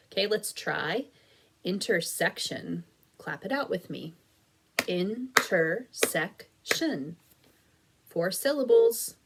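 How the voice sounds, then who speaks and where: Slow, patient woman teaching phonics. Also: fairly low pitch. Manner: slow, stretched-out clapping of syllables; encouraging, patient classroom tone. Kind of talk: recorded phonics lesson for young children.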